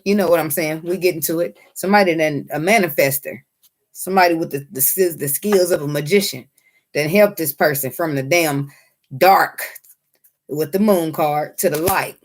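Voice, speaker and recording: Blunt, excitable woman reading tarot. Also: low-pitched, moderate pace. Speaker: tarot reader.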